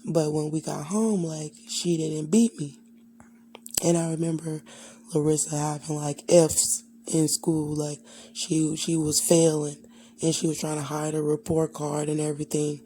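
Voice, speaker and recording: A woman's voice: low-pitched, flat delivery, a little slow, dark tone, a little hiss or hum. A young adult woman candidly telling a personal childhood story, rambling and full of fillers. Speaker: vlogger.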